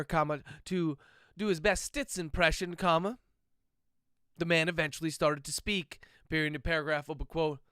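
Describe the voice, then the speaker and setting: An author dictates his novel aloud in a steady flow, speaking each comma and period as he goes. His man's voice is smooth and resonant, and it sits a little high. The sound is dry and close, with no room echo. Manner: steady dictation, saying punctuation marks aloud.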